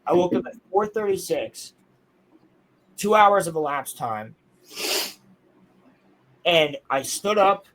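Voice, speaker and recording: Excitable, swearing young man telling a story. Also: fairly high pitch, slow pace, long pauses, rough recording. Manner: excitable, profane, insistent storytelling. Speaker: guest telling a personal story. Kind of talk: casual podcast chat.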